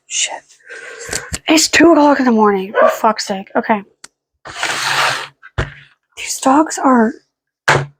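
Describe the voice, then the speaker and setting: A tired woman vlogging at home late at night, rambling and swearing, snapping sharp commands at her dogs. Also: a little high, a little hiss or hum. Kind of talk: casual vlog talk.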